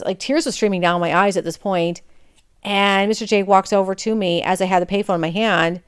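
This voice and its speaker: A woman's voice: mid-range voice, clear, resonant tone, no room sound, clean studio sound. A woman in her forties, a podcast host, telling a personal story in a rambling, digressive way with many restarts.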